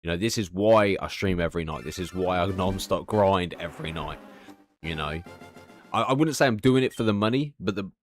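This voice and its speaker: A man's voice: low voice, a little fast, faint music behind. A young man streaming and chatting candidly, confiding and swearing freely. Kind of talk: casual live-stream chat.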